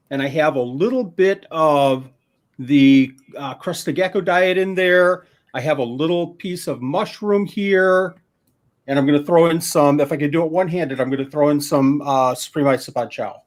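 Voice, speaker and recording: A man's voice: on the high side, moderate pace. A man chatting casually on a livestream, rambling through his food list and a story with plenty of fillers, filming himself handheld. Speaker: guest isopod keeper. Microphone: handheld camera.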